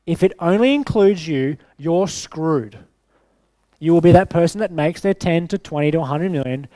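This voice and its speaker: A man's voice: a little high, lively intonation, moderate pace, dark tone, no room sound. Punchy man coaching a room. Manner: punchy, repeats "okay?", swears for emphasis. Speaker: business coach. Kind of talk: bootcamp talk to a live audience.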